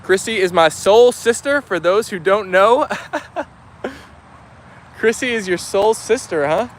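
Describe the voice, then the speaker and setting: A man's voice: high voice, slow. A man hosting a dog livestream outdoors, reading viewer comments aloud in a casual, friendly way. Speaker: dog channel livestream host. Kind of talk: casual live-chat reading. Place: outdoors with dogs.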